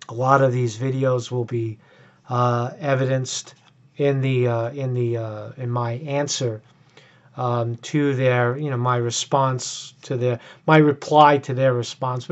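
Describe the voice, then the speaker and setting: Man vlogging his own case update, mid-pitched, halting and rambling delivery, muffled lo-fi audio. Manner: rambling, halting, with many restarts. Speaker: video blogger and pro se plaintiff. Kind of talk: casual video update. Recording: dull lo-fi sound.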